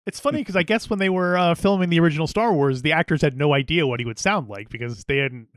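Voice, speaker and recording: A man's voice: a little high, fast, a bit bright, no echo, studio quality. Easygoing man joking on a podcast. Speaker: podcast co-host. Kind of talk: casual chat.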